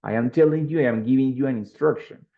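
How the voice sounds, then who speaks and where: Brief: patient male English teacher, Colombian Spanish accent, gravelly low voice, dull lo-fi audio. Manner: patient, explains slowly, mixes in Spanish. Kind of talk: online English class.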